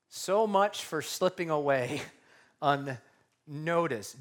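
A man's voice: a little high, slow, long pauses. A male pastor preaching a conversational sermon, acting out the scenes as he tells them. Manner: animated, conversational, acts out scenes.

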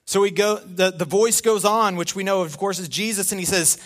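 A middle-aged male pastor preaching a sermon in an animated, conversational way with self-deprecating humor. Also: high voice, moderate pace, few pauses.

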